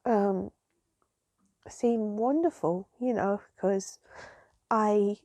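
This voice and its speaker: A woman's voice: medium pitch, a little slow, creaky, darkish tone, dry recording. A woman vlogger chatting casually and emotionally, rambling with lots of fillers and restarts. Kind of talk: casual chat.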